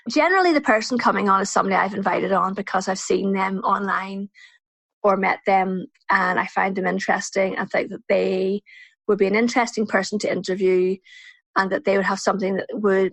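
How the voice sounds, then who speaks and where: A woman's voice: mid-range voice, no room sound. A woman in her forties with a Northern Irish accent, hosting a solo podcast and answering listener questions in a chatty way with frequent laughs, into a USB desk mic at home. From Northern Ireland. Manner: chatty, warm-hearted, laughs often. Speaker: podcast host. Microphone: USB desk microphone.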